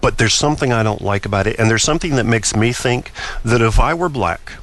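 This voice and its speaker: A man's voice: medium pitch, fairly quick, fairly bright tone. A man hosting a solo talk show, speaking in an opinionated, rambling way with frequent stammered restarts. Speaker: podcast host.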